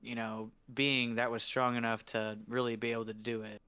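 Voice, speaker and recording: A man player in a tabletop game chips in with quick, joking remarks. His voice is bright and smooth. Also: medium pitch, flat delivery. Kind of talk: casual tabletop role-play.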